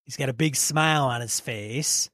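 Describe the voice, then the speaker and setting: On a casual podcast, a male co-host guides his partner through voice exercises, coaching him and prompting him by name. His voice sits in the mid-range with a fairly bright tone and a moderate pace. The studio-quality recording has no echo.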